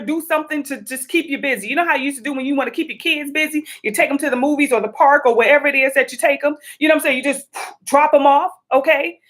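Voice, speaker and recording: A middle-aged woman giving spiritual advice in a chatty, animated livestream talk, calling her viewers y'all. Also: sits high. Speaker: spiritual vlogger.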